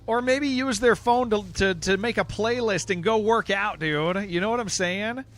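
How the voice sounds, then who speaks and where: A man's voice: high voice, moderate pace, fairly bright tone, soft background music. A man streaming a game, chatting casually with viewers in a rambling, joking way and laughing often. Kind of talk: casual livestream chat while playing.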